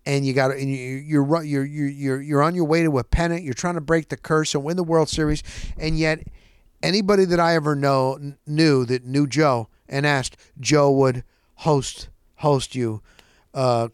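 A man hosting a talk show, telling a casual, animated story with a rambling delivery and quotes he acts out. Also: on the high side, normal speed, smooth, no echo, studio quality.

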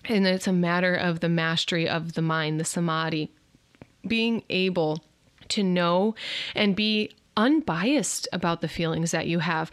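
A woman, hosting her own podcast in an upbeat, expressive, chatty way. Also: on the low side, dry recording, studio quality. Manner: upbeat, expressive, says "y'all". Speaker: podcast host. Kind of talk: casual solo podcast talk.

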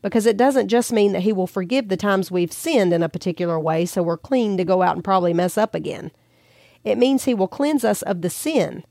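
A woman who hosts a podcast and wrote the book, reading a devotional chapter aloud in a gentle, prayerful way and slowing down for scripture. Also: medium pitch, creaky, no room sound, studio quality. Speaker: podcast host and author.

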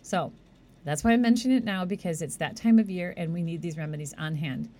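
A woman's voice: on the low side, fairly quick, dark tone. A middle-aged woman hosting a radio show, talking in a chatty, rambling way and laughing often. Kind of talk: casual monologue.

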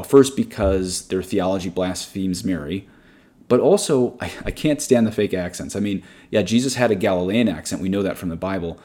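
A Catholic preacher with a low, dark-toned voice leads a sermon-style guided meditation. He is earnest, opinionated, and prone to digressions.

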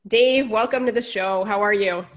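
Woman, podcast host, upbeat, friendly, mid pitch. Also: normal speed. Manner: upbeat, promotional, friendly questions. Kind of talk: podcast intro and interview.

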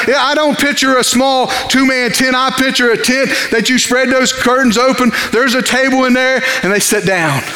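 A man preaching a sermon, reading scripture and acting out the characters' lines with lively swings in his voice. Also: high-pitched, reverberant.

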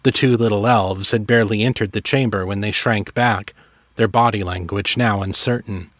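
A man narrating a fantasy story in a measured, dramatic way. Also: fairly low pitch, steady tone, no echo, studio quality. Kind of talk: scripted narration.

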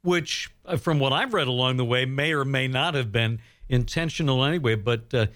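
A man's voice: medium pitch, moderate pace, fairly bright tone. A man radio host, conversational and easygoing, interviewing a guest in a studio.

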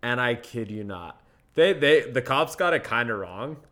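A man's voice: mid-range voice, normal speed. A young man, a podcast guest, telling stories in casual chat and acting out what people said, laughing often. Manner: animated storyteller who acts out quotes and laughs often.

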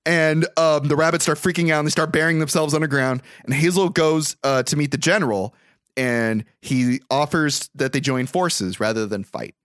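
A man's voice: on the high side, normal speed, no echo, clean studio sound. A man hosting a podcast, swearing freely as he animatedly recaps a movie plot. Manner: profane, animated storytelling. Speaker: podcast host.

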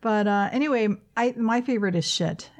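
A woman's voice: on the high side, a little fast. A woman co-hosting a podcast, chatting loosely with restarts and chuckles. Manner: rambling, self-interrupting, chuckling. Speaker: podcast co-host. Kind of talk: casual chat.

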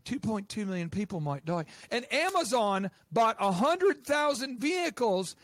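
A man being interviewed as a business coach and podcast host, talking in an animated, emphatic, rapid-fire way. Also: sits high, no room sound.

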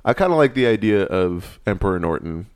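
A man's voice: on the low side, very animated, brisk, no room sound, clean studio sound. A man from San Francisco co-hosting a casual chat, wry and rambling. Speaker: podcast co-host.

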